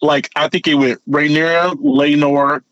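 A man co-hosting a podcast in casual chat, rambling and animated, often repeating words as he thinks. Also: on the high side, a little slow, dry recording. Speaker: podcast co-host. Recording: dull, lo-fi sound.

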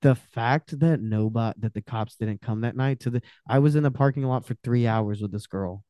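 A man guesting on a podcast tells a story in casual chat, animated and profane, acting out what people said. His voice is mid-range at normal speed. The recording is studio quality with no room sound.

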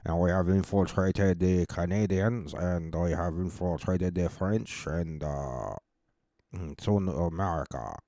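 A man's voice: deep voice, slow pace, mellow, dry recording, clean studio sound. A man putting on the voice of a menacing older German male globalist and boasting in a mock-sinister way.

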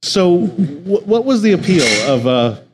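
Friendly male host, halting questions. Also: high-pitched, very animated, noisy background. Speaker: interview host. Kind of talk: casual interview.

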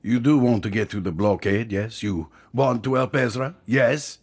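A man voicing a scheming, smooth-talking male pirate captain in a sly, coaxing way, with formal phrasing. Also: mid-range voice, normal speed, darkish tone, voice pushed down, lightly acted.

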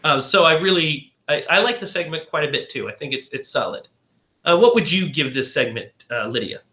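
A man hosting a casual podcast, with a bright, sharp voice that rises high and swings widely in pitch. He talks in an eager, chatty way. His voice rings in an echoey room. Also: animated. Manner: enthusiastic, chatty, retells scenes with quick voices. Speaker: podcast host.

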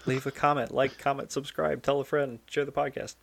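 A man's voice: medium pitch, flat delivery, fairly quick, creaky, fairly bright tone. A man co-hosting a gaming news podcast in a laid-back, teasing way, sounding sleepy. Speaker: podcast co-host. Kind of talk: casual chat.

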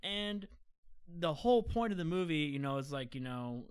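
A man's voice: a little high, animated, normal speed, clear, resonant tone, dry recording. A man chatting casually as a podcast co-host, retelling a story in a rambling way full of fillers and small laughs. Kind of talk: casual chat.

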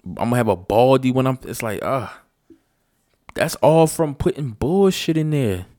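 In a casual, unscripted vlog rant, a man is blunt and profane, emphatically hammering his points home again and again. His medium-pitched voice is expressive and warm, at a normal speed. The recording is dry and studio quality.

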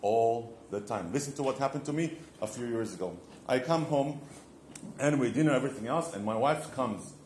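A man's voice: medium pitch, moderate pace, a little mellow, roomy sound, a little hiss or hum. A man hosting a podcast, telling stories and teaching about marriage in an informal way, asking questions and answering them himself. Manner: storytelling, asks and answers his own questions. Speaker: podcast host giving marriage advice. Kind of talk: informal religious teaching monologue.

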